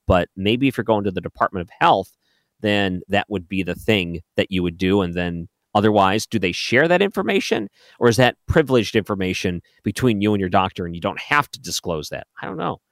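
Male talk radio host, lowish voice, loose and chatty, close dry mic. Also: no room sound. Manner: chatty, joking asides. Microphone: studio microphone.

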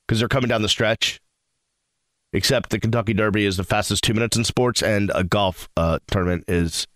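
A man's voice: mid-range voice, no echo, clean studio sound. A man hosting a sports talk radio show, chatting casually and telling stories with quoted back-and-forth. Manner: animated, storytelling with quoted asides. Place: radio studio.

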